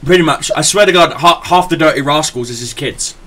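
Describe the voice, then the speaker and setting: A man hosting a casual podcast, telling crude work stories with loud laughter and stammering restarts. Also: on the high side, a little fast, a little hiss or hum. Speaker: podcast host. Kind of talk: casual chat, storytelling.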